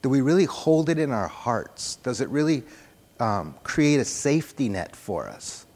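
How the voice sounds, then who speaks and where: A man preaching a sermon, soft-spoken and earnest, repeating phrases for emphasis, into a microphone on a church sound system. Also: mid-range voice, very animated, normal speed. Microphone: handheld or stand microphone on a PA. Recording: long hall reverb.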